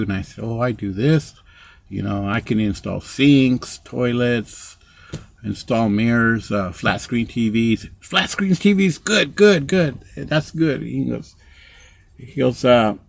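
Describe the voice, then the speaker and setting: A man's voice: mid-range voice, vocal fry, no echo. A middle-aged man, a handyman, telling a rambling story in casual talk, often saying "so anyway" and acting out both sides of the conversations.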